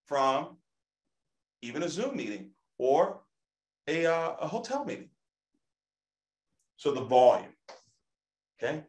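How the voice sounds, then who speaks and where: A man's voice: high voice, pushed and bright. A man giving an emphatic motivational training talk to a live audience, repeating key phrases and often checking in with "okay?". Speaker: sales trainer. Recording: echoey room.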